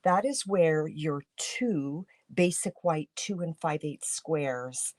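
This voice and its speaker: A woman's voice: deep voice, slow, darkish tone, no room sound. A woman from Canada, a papercraft demonstrator, talking through a casual craft tutorial in a groggy morning voice, chatty with many fillers and restarts.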